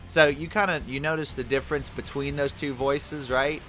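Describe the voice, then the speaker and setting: A man giving a casual, energetic tutorial on doing character voices. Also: on the high side, moderate pace, a little hiss or hum. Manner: energetic, chatty. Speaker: voice actor teaching a tutorial.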